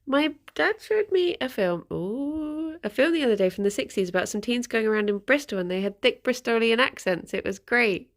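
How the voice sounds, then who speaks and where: A woman's voice: fairly high pitch, animated, moderate pace. A woman streamer chatting casually with her viewers, rambling and giggling often. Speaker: livestreamer.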